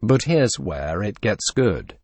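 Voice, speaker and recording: Lively male storyteller, dry close mic. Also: lowish voice, slow pace, no echo. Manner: lively, expressive read with sarcastic asides. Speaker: narrator reading a reddit story. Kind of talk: scripted storytelling narration.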